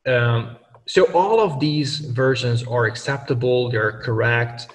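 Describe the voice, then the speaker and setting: A man's voice: mid-range voice, slow pace. A man giving a video language lesson, explaining grammar rules step by step with example sentences. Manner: methodical, explains with worked examples. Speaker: language teacher. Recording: distant mic in a reverberant room.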